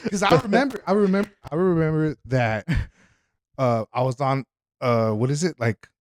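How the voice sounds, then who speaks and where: A man's voice: on the high side, moderate pace. A man from Houston, a podcast guest, tells a story in casual chat, rambling with fillers, restarts and plenty of swearing. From Houston, Texas.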